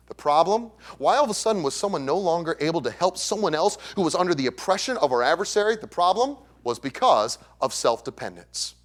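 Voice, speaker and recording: A man's voice: a little high, very animated, fairly quick, few pauses. A man preaching an evangelistic sermon in a church, who asks the congregation questions and acts out the voices of others. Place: church sanctuary.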